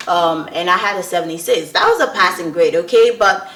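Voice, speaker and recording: A woman's voice: on the low side, fairly quick, fairly bright tone. A young woman from Nigeria, earnestly telling a personal story to her viewers and often checking in with them. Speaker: vlogger. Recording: roomy echo.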